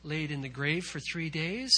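Male preacher, bright and fairly high, conversational sermon with big dynamic swings. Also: animated, moderate pace. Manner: dynamic, swings from hushed to loud emphatic; repetitive, conversational asides. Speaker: pastor.

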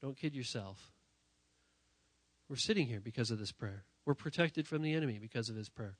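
A man preaching a sermon to young people in a church, talking while sick, emphatic and direct, often repeating phrases and swinging from loud to quiet. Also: medium pitch, animated, fairly quick, dry recording. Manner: emphatic, rising to near-shouting then dropping quiet; repetitive, direct address to the audience. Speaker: youth pastor.

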